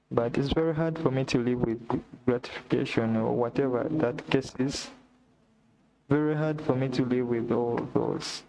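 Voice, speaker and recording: Man, slow unhurried delivery, despairing repetitive lament, vlog live stream, clear background noise with clicks. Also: mid-range voice, darkish tone, rough recording. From Uganda. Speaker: vlogger.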